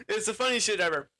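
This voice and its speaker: A man's voice: high-pitched, sharp tone, poor audio. A man giving a casual, rambling movie recap as a reviewer, full of fillers.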